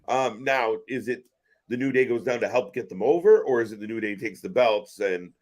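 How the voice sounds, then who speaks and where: A man's voice: medium pitch, moderate pace, darkish tone. A man co-hosting a casual wrestling watch-along, joking, swearing and laughing a lot. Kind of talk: casual live-stream commentary.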